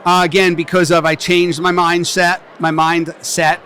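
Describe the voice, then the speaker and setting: Brash high-voiced man telling stories. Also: flat delivery, measured pace, bright, forceful tone, slight background noise. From New Jersey. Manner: brash, joking storyteller. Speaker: tax business owner, guest. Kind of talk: casual interview chat. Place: conference venue.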